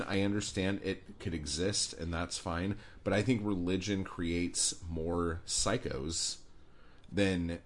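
A man hosting a podcast, delivering an angry, profane, sarcastic rant. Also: low-pitched. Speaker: podcast host.

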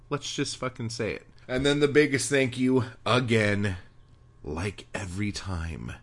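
A man hosting a podcast, swearing constantly through a fired-up, angry rant. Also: lowish voice. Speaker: podcast host.

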